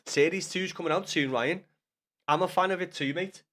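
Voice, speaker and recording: A man's voice: high voice, moderate pace, a bit bright. A man chatting with his live-stream viewers, full of banter and swearing, repeating himself and calling them lad and mate. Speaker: streamer reading chat.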